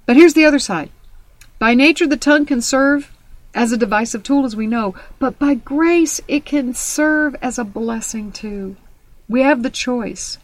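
A woman's voice: high-pitched, dry recording. A woman preaching a sermon, telling personal stories in a conversational way and quoting scripture. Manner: storytelling, conversational with scripture quotes.

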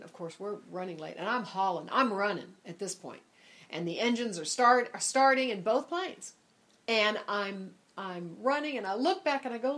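Animated older woman telling her story. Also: fairly high pitch. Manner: animated, dramatic retelling with many repeats and quoted voices. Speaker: speaker sharing a personal testimony. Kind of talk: personal storytelling.

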